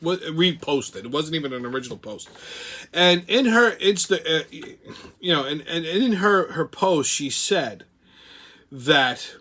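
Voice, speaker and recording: A man's voice: fairly high pitch, animated, a little slow, sharp tone. A man hosting a weekly commentary show, ranting in a blunt, sarcastic and profane way.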